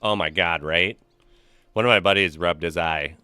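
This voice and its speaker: A young man chats loosely through a game stream, swearing freely and joking as he tells stories and greets chat. His fairly low voice is bright and smooth, with a little music playing faintly behind him. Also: moderate pace, no room sound. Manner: loose, profane, joking storyteller reading chat. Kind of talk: casual stream chat with viewers.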